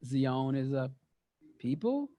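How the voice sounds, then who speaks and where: A man leading an interactive Bible study, reading verses aloud and quizzing his group in a lively way, often repeating words for emphasis. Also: mid-range voice, takes it slowly. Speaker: teacher.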